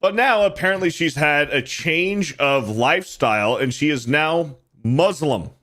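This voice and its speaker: A man's voice: on the high side, lively intonation, a little slow, sharp tone. Blunt, crude podcast host man. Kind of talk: casual chat.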